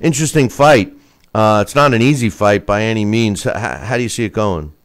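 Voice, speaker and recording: A man hosting a talk show, chatting and telling stories in a lively, casual way. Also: fairly low pitch, a little fast. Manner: chatty, animated storytelling. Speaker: host.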